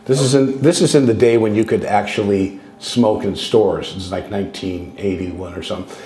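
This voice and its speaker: A man in his sixties talks as a guest speaker in a loose, digressive storytelling way, often breaking off and restarting his sentences. His voice sits on the lower side. The recording has a roomy, echoing sound. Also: steady tone, moderate pace, warm tone. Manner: loose and digressive, with frequent restarts and acted quotes. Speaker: guest speaker on contact experiences. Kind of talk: rambling anecdotal storytelling.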